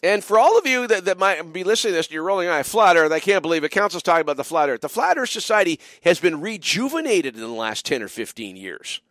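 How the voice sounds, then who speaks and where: Fast and sing-song with few pauses, a middle-aged host's high, slightly bright voice carries his late-night call-in radio chat. The biker church pastor rambles playfully, full of fillers, restarts, and mock-drawling asides, in studio-quality sound with no echo.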